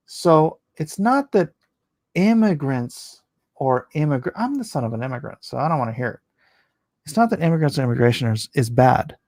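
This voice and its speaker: A man hosting a casual late-night livestream, rambling and opinionated, his voice going hoarse. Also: a little high, a little mellow, dry recording. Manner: rambling, opinionated, restarts often. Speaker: livestream host reading chat.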